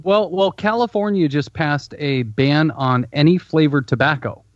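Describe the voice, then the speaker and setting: Teasing man with slightly high voice. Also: normal speed, no room sound, muffled recording. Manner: blunt, teasing, hesitant starts. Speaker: podcast co-host. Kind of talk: casual chat.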